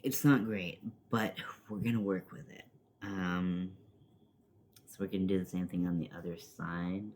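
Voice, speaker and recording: With some background noise behind his low voice, a man who vlogs about makeup talks through a tutorial from his desk at home, laptop in front of him. He's casual and rambling, self-deprecating, and now and then mutters a curse.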